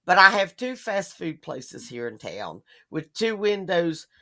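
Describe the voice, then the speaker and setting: Lively chatty woman co-host. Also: lowish voice, measured pace. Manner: animated, complains with blunt swearing. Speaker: podcast co-host. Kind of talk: casual chat.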